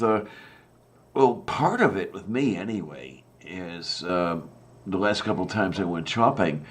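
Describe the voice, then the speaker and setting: A man in a casual chat, easygoing, rambling through everyday anecdotes. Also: lowish voice.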